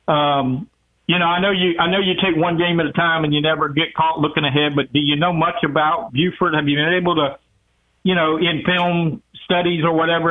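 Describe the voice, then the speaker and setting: A man, a sports radio co-host, speaking in a relaxed way with some fillers. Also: fairly high pitch. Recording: tinny phone line.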